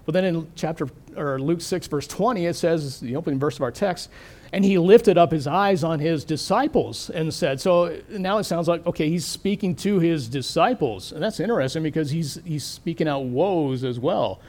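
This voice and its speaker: A middle-aged man preaching a sermon, thoughtful and questioning, slowing down to stress key words. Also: a little high, a little mellow. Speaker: pastor.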